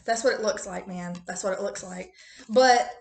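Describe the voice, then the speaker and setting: A woman's voice: mid-range voice, moderate pace, creaky, reverberant, slight background noise. A chatty woman with a rural American accent, reading tarot cards in a casual, joking, profane way. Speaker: tarot reader.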